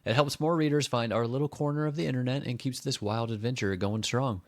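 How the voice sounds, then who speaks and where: A man's voice: medium pitch, fairly quick, dry recording, clean studio sound. A man co-hosting a casual book podcast, playful and jokey. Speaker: podcast co-host.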